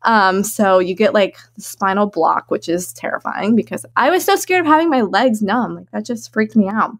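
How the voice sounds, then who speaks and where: A woman telling a personal story in a casual, chatty way, laughing often and filling her talk with "like", her voice jumping up high when she gets excited. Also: moderate pace. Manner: animated, swings into high excited tones. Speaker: guest sharing her birth story.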